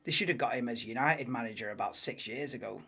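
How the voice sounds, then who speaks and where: A man's voice: mid-range voice, quick pace, pushed and bright, breathy edge. A man hosting a live watchalong, casual banter-heavy commentary that swears and laughs at his own jokes.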